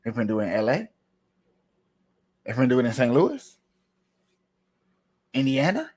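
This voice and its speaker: Slang-heavy and full of repetitive rhetorical questions, a man's animated, easygoing livestream commentary comes through in a mid-range voice at a moderate pace.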